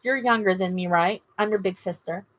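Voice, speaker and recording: Against a noisy background, a middle-aged Southern US woman talks briskly in a medium-pitched voice. As host of a casual livestream, she rambles and gushes to her viewers.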